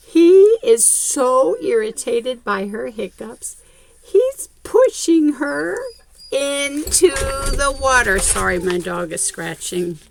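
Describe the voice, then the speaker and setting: A woman reading a picture book aloud to children, her pitch leaping around animatedly. She takes her time and talks to the little listeners directly, gasping at every surprise. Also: slow, creaky, a little hiss or hum. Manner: expressive, child-directed, frequent gasps; talks directly to young viewers. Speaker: children's story reader.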